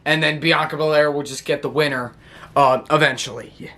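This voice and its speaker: A young man with a high, light voice runs through his weekly recap, talking fast and eagerly. He breaks into laughter easily and keeps the tone loose and chatty, like he's catching up with friends. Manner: excitable, chatty, quick to laugh. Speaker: wrestling show recap YouTuber. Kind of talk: casual recap to camera.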